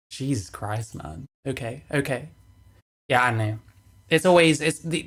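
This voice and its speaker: A woman reacting to a video on stream, sarcastic, swearing and dismissive in casual commentary. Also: a bass voice.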